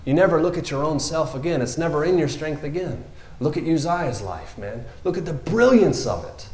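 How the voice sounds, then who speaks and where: A man's voice: a little high, sing-song, normal speed, darkish tone, roomy sound. A man preaching in a loose, conversational way with lots of fillers. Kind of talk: informal sermon.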